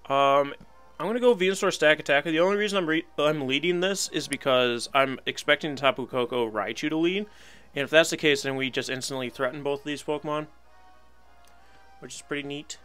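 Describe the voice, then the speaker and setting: A man's voice: on the high side, fairly quick, a bit bright, faint music behind. A young man giving casual live commentary on a video game battle, wry and resigned, laughing at himself now and then. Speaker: gaming channel host.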